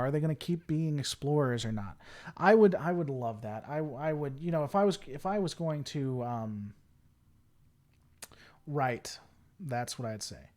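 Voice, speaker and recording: Speaking into a desk microphone, a male livestream host chats casually in a rambling way, reading viewers' messages aloud and responding. His voice is on the high side and a little mellow.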